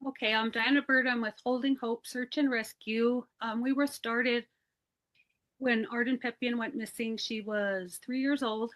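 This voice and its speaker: Woman, fairly high voice, plain-spoken, rambling storyteller, video call. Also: fairly even intonation, a little slow, a bit bright. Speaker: search and rescue volunteer. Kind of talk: personal storytelling in an interview.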